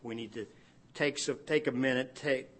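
A man's voice: medium pitch, fairly even intonation, moderate pace, a bit bright. Man preaching a conversational sermon. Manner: conversational preaching, with rhetorical questions and small laughs. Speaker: pastor.

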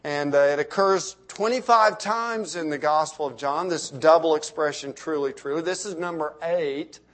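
A middle-aged male pastor delivers a sermon in a fairly high voice at normal speed. He builds emphasis on key phrases and lets the ends of his sentences fall softly.

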